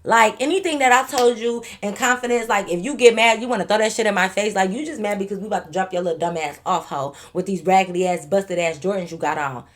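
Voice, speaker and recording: A young woman tells a storytime tale in a blunt, animated vlog style, swearing freely. Her voice sits in a middle range. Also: mid-range voice, fast talker, hardly any pauses. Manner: blunt, profane, animated retelling. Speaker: vlogger.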